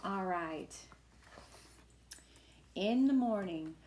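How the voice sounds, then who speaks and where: A woman's voice: medium pitch, lively intonation, very slow, darkish tone. A woman working as a children's librarian, reading a picture book aloud and making animal sounds for young listeners. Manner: encouraging, talks to young listeners.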